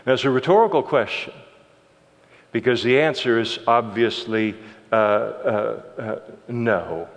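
A man's voice: mid-range voice, unhurried. A male pastor preaching a sermon with emphasis, often breaking off with filler uhs and restarts. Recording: long reverb of a large hall.

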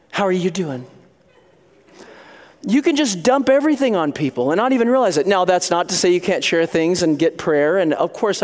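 Animated preacher in an echoing hall. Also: male voice, high-pitched. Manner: animated, acts out little voices and scenes. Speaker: pastor. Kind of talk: sermon.

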